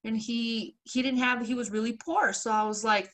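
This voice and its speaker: A woman co-host telling a rambling story on a podcast in a slightly high voice. She acts out the quoted lines with lively jumps and swears casually between them. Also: normal speed. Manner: animated retelling, acts out quoted voices, laughs often; loose swearing and filler.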